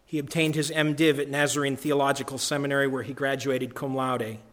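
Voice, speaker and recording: A man preaching a sermon to his congregation, emphatic, repeating key phrases and swinging from loud declarations to hushed lines. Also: medium pitch, flat delivery, a little fast. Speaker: pastor.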